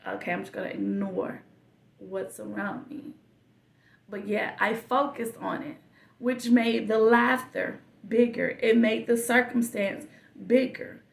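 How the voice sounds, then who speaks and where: A woman hosting a podcast, telling a personal story in a slow, reflective way with soft whispered asides. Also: on the high side, vocal fry, recorded from a distance. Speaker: podcast host. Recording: echoey room, voice a bit off-mic.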